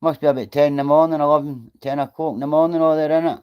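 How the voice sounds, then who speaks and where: A man's voice: on the high side, fairly even intonation, racing, clean tone, highs cut off. A middle-aged man with a Scottish accent chatting bluntly and swearing freely as he answers viewers on his livestream. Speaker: livestreamer reading chat. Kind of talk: casual livestream chat.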